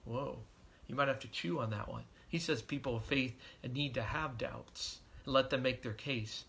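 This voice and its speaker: A man's voice: medium pitch, moderate pace, creaky, fairly bright tone. A middle-aged man, a pastor, giving a devotional sermon in an earnest, conversational storytelling way.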